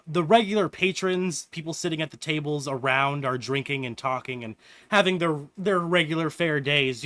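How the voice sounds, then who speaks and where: A man narrating as game master of a tabletop game, relaxed and often laughing. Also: on the high side, no echo.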